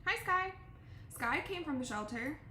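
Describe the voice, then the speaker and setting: A woman's voice: high-pitched, expressive, a little slow, sharp tone, reverberant. A young woman hosting a live watch party, chatting casually, calling the game and reading viewer comments aloud with frequent laughs.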